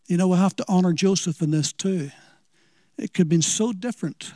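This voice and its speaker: A man's voice: high voice, a little fast, mellow, no echo, clean studio sound. A man with a Northern Irish accent preaching a sermon, telling it as an earnest story and asking the listeners questions.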